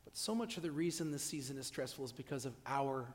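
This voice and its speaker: Male pastor, high-pitched, casual storytelling sermon; long church reverb. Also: normal speed, hardly any pauses. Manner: conversational, acts out quoted dialogue. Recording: echoey church hall.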